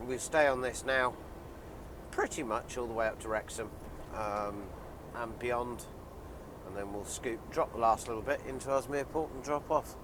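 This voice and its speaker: A man's voice: medium pitch, lively intonation, measured pace, noisy background. A man vlogging casually with a head cold, chatty and rambling with many ums. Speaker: lorry driver vlogger. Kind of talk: casual vlog chat. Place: lorry cab while driving, then outdoors on a hill.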